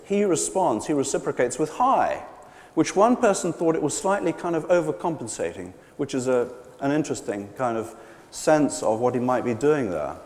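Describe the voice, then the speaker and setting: A man lecturing to a live audience in a large pavilion. His pitch rises and falls a lot as he explains, and he often stops to hesitate and restart. His voice trails off into a long hall reverb. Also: normal speed. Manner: animated, hesitant with many fillers and restarts.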